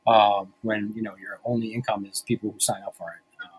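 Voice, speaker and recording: Man, podcast host, husky voice, rambling, swears a lot, self-mocking, casual banter. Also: fairly low pitch, little pitch movement, a little fast.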